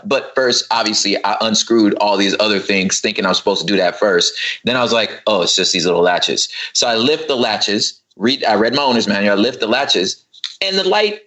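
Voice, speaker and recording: A man's voice: mid-range voice, animated, brisk, bright, forceful tone, low-quality recording. A man on a casual podcast, telling a story with energy and acting out his own frustrated thoughts. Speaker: guest co-host.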